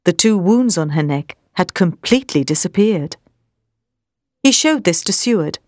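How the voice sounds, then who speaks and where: A woman narrating a storybook in a steady, measured way. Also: on the low side, dry recording, clean studio sound. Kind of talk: storybook reading.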